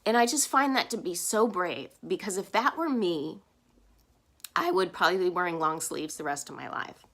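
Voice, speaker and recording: A woman's voice: lowish voice, moderate pace, a bit bright. A woman talking to camera in a personal vlog, earnest and heartfelt, speaking openly about her feelings. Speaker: vlogger.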